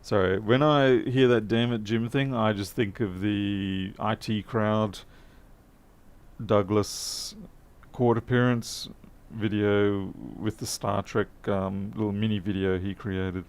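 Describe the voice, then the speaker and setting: Taking it slowly, a man with a lowish, smooth voice and fairly even intonation gives casual workbench commentary while repairing a laptop in his workshop. The electronics technician is chatty and self-mocking, muttering as he works.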